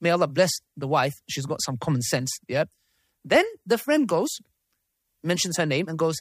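A man moderates a discussion in an animated way. His pitch moves a lot as he reads messages aloud and comments on them. The sound is dry and close. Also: fairly quick, husky, dry recording. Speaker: host.

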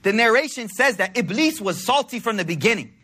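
A man preaches to his listeners in a loose, storytelling way, full of slang and acted-out dialogue. His voice sits high and sounds bright, with a slightly husky grain. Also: lively intonation, fairly quick. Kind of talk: informal sermon.

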